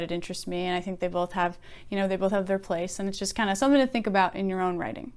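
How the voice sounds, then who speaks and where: A woman's voice: medium pitch, clear, resonant tone. Thoughtful woman teaching poetry. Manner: conversational, thoughtful, many fillers. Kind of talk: casual teaching with poem readings.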